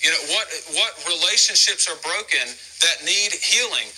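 A man's voice: high-pitched, lively intonation, moderate pace, sharp tone, breathy edge, poor audio. A pastor preaching a sermon, asking his congregation many rhetorical questions and acting out the story's scenes, often restarting and repeating words. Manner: acts out the story scenes in quoted voices.

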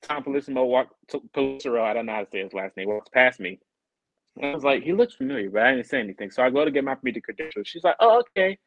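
A man co-hosting a podcast, telling a story in a casual, animated way and acting out other people's lines in a higher voice. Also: rapid-fire, vocal fry, dry recording, lo-fi sound. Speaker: podcast co-host.

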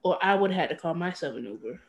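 Animated woman in casual chat. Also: on the low side, racing, muffled recording. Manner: animated, acts out quoted lines with playful pettiness. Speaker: podcast co-host.

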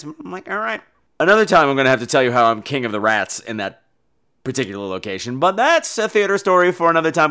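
Campy gay podcast guy, bright voice, swoops up and down a lot, playful voices. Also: fairly high pitch. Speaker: podcast host. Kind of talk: casual solo podcast chat.

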